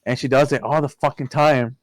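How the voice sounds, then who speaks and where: A man co-hosting a podcast in casual chat, joking and swearing, with sudden loud outbursts. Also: mid-range voice, fairly even intonation, a little fast, low-quality recording. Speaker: podcast co-host.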